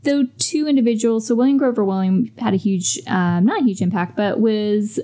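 Young woman, casual history chat, rambling, jokey, mid-pitched. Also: moderate pace, dark tone. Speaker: podcast co-host.

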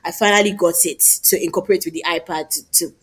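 A woman's voice: lowish voice, fairly even intonation, quick pace, breathy edge. A young woman, telling a story in a casual podcast chat and acting out other people's lines.

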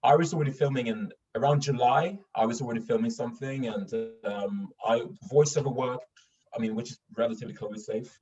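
A Swedish actor, appearing as a guest in a casual video-call interview, rambles with many restarts and fillers. His medium-pitched, darkish voice moves a little fast, picked up by a distant, dull lo-fi mic.

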